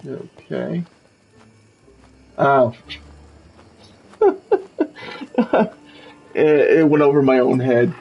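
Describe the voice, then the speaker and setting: Slow, gravelly-voiced male streamer. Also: medium pitch, muffled recording. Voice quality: gravelly, raspy. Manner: relaxed, self-deprecating, thinking aloud. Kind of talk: casual game commentary.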